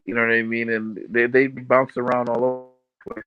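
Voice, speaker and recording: A man's voice: medium pitch, little pitch movement, brisk, a bit bright, muffled recording. Chatty man with faint music behind. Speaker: guest, former high school player. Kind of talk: casual sports talk.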